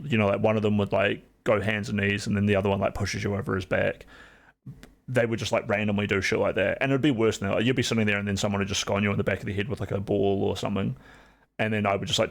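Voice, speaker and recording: A man's voice: fairly low pitch, creaky. A young man streaming live, chatting casually and rambling with lots of filler words. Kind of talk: casual chat on a livestream.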